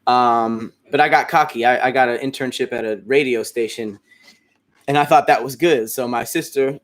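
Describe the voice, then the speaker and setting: A man's voice: medium pitch, fairly even intonation, normal speed. Rambling, casual man chatting with fans. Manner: rambling, frequent restarts, casual profanity. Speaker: host. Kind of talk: casual livestream chat answering fans.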